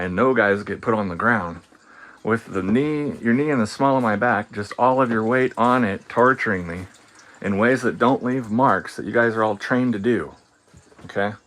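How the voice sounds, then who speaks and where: A man talking on his live stream in a casual rant, sarcastic and mocking, often laughing, swinging between calm and heated. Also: mid-range voice. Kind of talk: casual ranting monologue.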